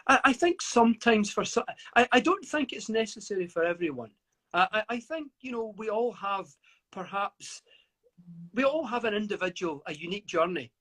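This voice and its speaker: Speaking at normal speed, a middle-aged UK man gives long reflections as a guest author in a live video call interview, stammering and restarting often. His high voice has lively intonation and sounds pushed and bright.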